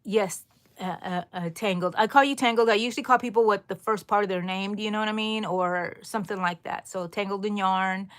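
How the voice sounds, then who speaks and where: A woman's voice: medium pitch, steady tone, a little fast. A middle-aged woman hosting a casual crochet live stream, chatting, reading viewer comments aloud and laughing often. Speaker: crochet livestream host.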